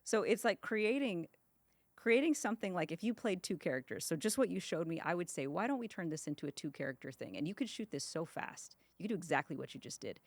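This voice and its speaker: Woman, interview guest, rapid talk, lowish voice, dry close mic. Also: animated, no echo. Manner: fast-talking, laughs often, acts out ad lines. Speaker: guest, ad creator. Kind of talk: casual interview chat.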